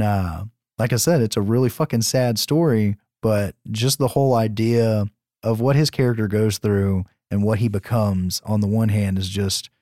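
A man co-hosting a podcast, recapping a horror film in a casual, profane, animated way. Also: on the low side, dry recording, studio quality. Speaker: podcast co-host. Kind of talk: casual chat.

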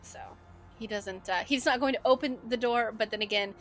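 A woman's voice: on the high side, fairly quick, a bit bright, faint music behind. A woman narrating a tabletop game as game master, in a chatty, filler-heavy way.

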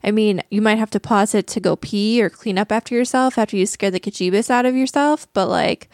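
A woman's voice: mid-range voice, a little fast, darkish tone, dry recording, studio quality. A woman co-hosting a casual podcast, chatty and curious, filling with "like". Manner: curious, chatty, uses 'like' a lot.

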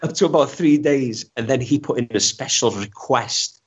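A man's voice: medium pitch, moderate pace, a little hiss or hum. A man telling stories as an interview guest, rambling and self-deprecating, often stammering and restarting. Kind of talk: casual storytelling interview. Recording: dull lo-fi recording.

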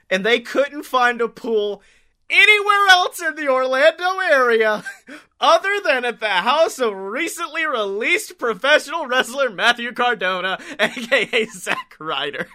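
A man's voice: extremely high pitch, lively intonation, measured pace, bright, forceful tone. A man co-hosting a podcast, telling wrestling stories in casual, profane chat and laughing often. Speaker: podcast co-host.

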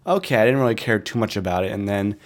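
A man's voice: lowish voice, fast talker. A man hosting a music podcast, talking in a rambling, chatty and easily amused way. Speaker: podcast host. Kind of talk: casual chat.

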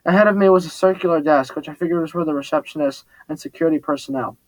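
A man's voice: on the high side, fast, no echo, rough recording. A man reading a first-person story aloud, plainly, with small slips and restarts. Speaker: audiobook narrator.

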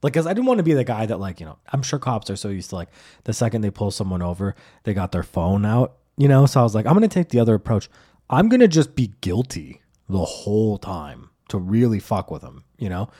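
A man's voice: lowish voice, fairly quick, husky. Rambling, profane male comedy podcaster. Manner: rambling, profane, with many fillers and restarts; acts out deadpan overly formal replies in his stories. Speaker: podcast host. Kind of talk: comedic storytelling monologue.

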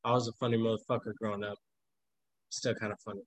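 Husky man trading crude jokes. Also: fairly low pitch, flat delivery, quick pace, no echo. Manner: dry, crude jokes and short agreeing replies. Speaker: podcast host. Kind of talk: casual chat.

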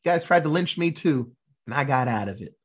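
A man voicing a vengeful gunslinger, low and cursing. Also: lively intonation, fairly quick, slightly rough. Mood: menacing. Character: vengeful grown man gunslinger, cold and blunt.

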